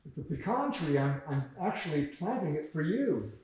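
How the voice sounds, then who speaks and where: A man's voice: fairly high pitch, sing-song, normal speed, darkish tone, muffled recording. A man reading the lines of a hapless, well-meaning old grandfather in a mild, apologetic way. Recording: very echoey room heard from far off.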